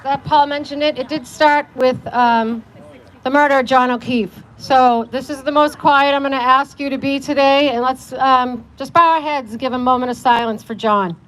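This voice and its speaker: A woman's voice: high-pitched, steady tone, moderate pace, fairly bright tone. A woman emceeing a street protest, emotional and emphatic. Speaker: rally emcee. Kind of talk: outdoor rally speech. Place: outdoors at a street protest with a crowd. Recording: noisy street with crowd.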